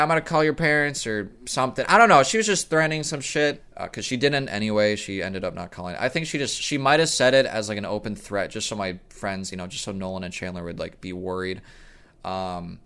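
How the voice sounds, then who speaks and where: A man's voice: on the low side, a bit bright, clean tone. A young man telling a rambling, profane story in a casual vlog, often correcting himself. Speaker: storyteller vlogger.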